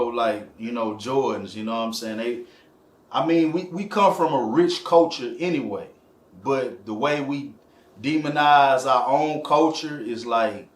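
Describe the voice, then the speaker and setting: A man being interviewed who talks in a rambling way, with lots of fillers. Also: medium pitch. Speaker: interview guest. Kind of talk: casual interview talk. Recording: echoey room with faint ambience.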